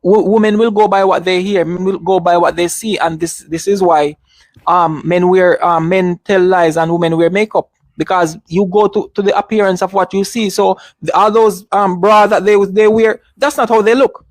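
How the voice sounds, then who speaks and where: A man's voice: sits high, fairly even intonation, normal speed, no echo. A man in casual discussion, speaking emphatically, repeating his points and restarting often.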